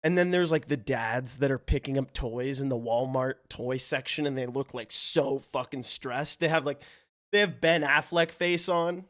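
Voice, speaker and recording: A man livestreaming, telling stories and chatting casually with his viewers, animated and loose with swearing. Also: mid-range voice, moderate pace. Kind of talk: casual chat with stream viewers.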